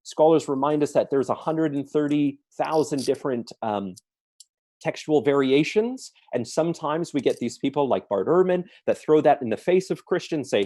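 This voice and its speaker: A man's voice: a little high, lively intonation, moderate pace, dark tone, no room sound. A man giving an earnest apologetics talk at a church forum, listing his points one by one with emphasis. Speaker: apologetics speaker. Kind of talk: forum talk answering questions.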